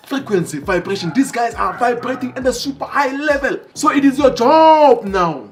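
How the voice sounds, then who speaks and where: A man telling motivational stories in an animated way, breaking into excited exclamations. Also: very high voice, moderate pace, few pauses, faint music behind. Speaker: motivational speaker. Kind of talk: motivational storytelling.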